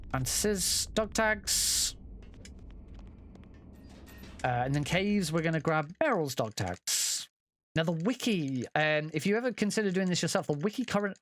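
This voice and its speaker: A man's voice: a little high, a little hiss or hum. A man giving casual, chatty commentary while playing a game, often correcting himself and swearing offhand. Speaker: speedrunner.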